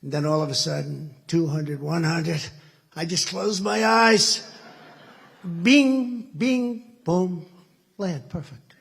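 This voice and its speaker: A man's voice: a little high, fairly even intonation, unhurried, gravelly, a bit bright, slightly rough. An American man in his seventies giving a political keynote speech, telling rambling stories full of repeated superlatives. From United States. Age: 70s. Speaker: keynote speaker.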